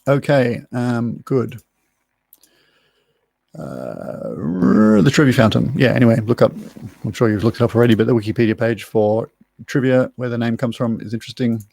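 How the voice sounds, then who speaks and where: A gravelly-voiced man reads out pub quiz questions and wanders into chatty, self-deprecating tangents. His voice sits in an ordinary middle range. The sound is close and dry with no room echo. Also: mid-range voice, expressive, normal speed, warm tone. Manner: chatty, rambling, self-mocking asides. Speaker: quiz host. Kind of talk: live online pub quiz hosting. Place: room at home.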